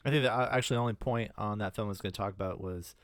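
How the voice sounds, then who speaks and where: A man's voice: on the low side, rapid-fire, a bit bright, dry recording, studio quality. A man co-hosting a casual movie podcast, laid-back and profane, steering the talk back on topic. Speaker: podcast co-host.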